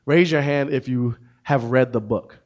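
A man in his thirties, a comedian and author, telling a story to an audience with wry, deadpan asides. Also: medium pitch, unhurried. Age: 30s. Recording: dull lo-fi sound.

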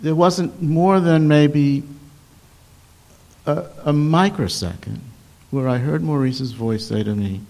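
Older male storyteller, animated and self-deprecating, with frequent false starts. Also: on the high side, creaky. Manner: animated, self-mocking, halting restarts. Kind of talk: personal anecdote told to an audience.

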